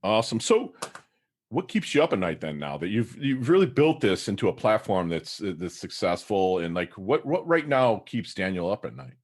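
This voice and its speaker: A man hosting a podcast interview, asking questions and affirming the guest with quick interjections. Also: on the low side, sing-song. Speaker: podcast host.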